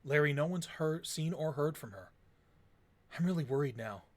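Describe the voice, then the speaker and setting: A man's voice: a little high, animated, moderate pace. A man voicing a chatty, caring young woman who is a playful best friend. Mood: worried. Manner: chirpy, teasing, caring.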